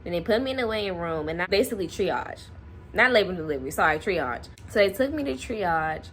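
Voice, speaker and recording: A young woman speaks straight to her camera in an easy, chatty way. Her pitch swings freely as she acts out each moment, and she laughs often along the way. A light background hum sits under her voice. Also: lively intonation, fast talker, fairly bright tone. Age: young adult. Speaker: vlogger. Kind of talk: casual storytelling to camera.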